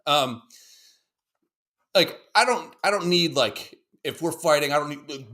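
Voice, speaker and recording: Slightly high-pitched with a sharp tone, a thirty-something man talks at a normal speed while co-hosting a podcast. The chat is casual and rambling, full of swearing and impressions of other people.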